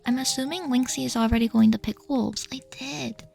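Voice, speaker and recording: Woman doing soft whispery asmr chat right up on the mic, high and a bit gravelly, reads chat stuff, super doting. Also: steady tone, fairly quick, soft background music. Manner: soft, doting and playful, reading chat questions aloud. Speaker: ASMR streamer. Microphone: very close to the mic.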